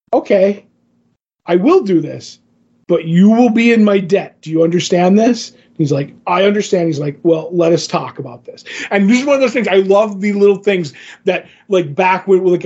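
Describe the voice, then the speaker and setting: A man's voice: sits high, moderate pace, darkish tone, breathy edge, lo-fi sound. A man co-hosting a casual podcast, animatedly retelling comic book scenes and quoting the characters. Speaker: podcast co-host.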